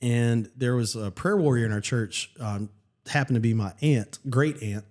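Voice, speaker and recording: A man's voice: medium pitch, a little mellow. Earnest pastor telling his story. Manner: earnest, halting, many restarts. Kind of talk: personal testimony in casual chat.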